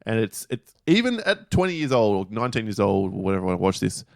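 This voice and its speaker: A man co-hosting a casual podcast, talking in a rambling way with halting restarts. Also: lowish voice, big pitch swings, creaky, no echo, clean studio sound. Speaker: podcast co-host.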